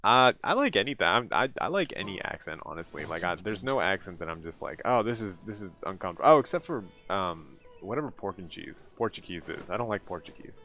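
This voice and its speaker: A man's voice: deep voice, sing-song, quick pace, few pauses, bright, forceful tone, soft background music. An American man streaming late at night, chatting casually with viewers, rambling, laughing often and poking fun at himself while sounding tired. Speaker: live streamer.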